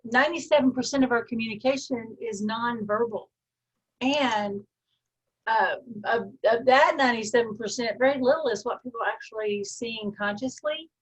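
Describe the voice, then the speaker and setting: A woman's voice: fairly high pitch, normal speed, breathy edge, poor audio. Texas-twang woman coaching on a call. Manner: deadpan humor, riffing free form, laughs often. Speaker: host, personal growth coach.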